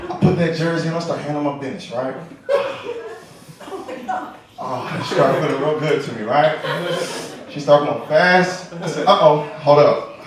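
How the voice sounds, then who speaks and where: A man doing a stand-up set in street slang, laughing at his own jokes and shouting his punchlines. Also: on the high side, moderate pace, long pauses, distant mic. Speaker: stand-up comedian. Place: comedy club stage. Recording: echoey club recorded from afar, crowd noise.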